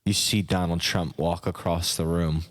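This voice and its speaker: A man giving a parody sleep hypnosis narration, speaking softly and slowly in the second person. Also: deep voice, little pitch movement. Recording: long hall reverb.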